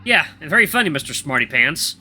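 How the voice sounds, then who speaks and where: A man voicing an excitable young fox student who blurts things out loudly. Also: fairly high pitch, fast talker, faint music behind, full character voice. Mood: eager. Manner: eager, loud, blurting.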